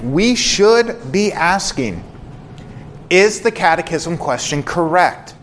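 A man delivers an earnest sermon as pastor, stacking repeated phrases and rhetorical questions for emphasis. His voice sits a little higher than most men's. A faint hiss of background noise sits under the recording.

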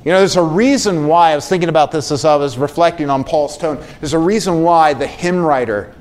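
A pastor gives a sermon in a high, clear tenor and talks to his flock in an earnest way. His voice climbs and gets stronger when he stresses a point. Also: a little fast, darkish tone. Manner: earnest preaching, voice rising for emphasis.

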